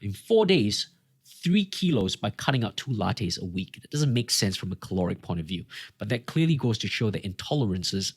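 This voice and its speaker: Husky low-voiced man telling a story. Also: normal speed, no room sound, clean studio sound. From Australia. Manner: animated storyteller acting out quotes. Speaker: fitness coach guest. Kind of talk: casual podcast conversation.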